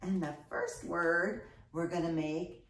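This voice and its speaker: A kindergarten teacher giving an online phonics lesson, sounding out letters slowly with bright, exaggerated emphasis. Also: female voice, on the low side, fairly even intonation, distant mic. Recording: echoey room, a bit off-mic.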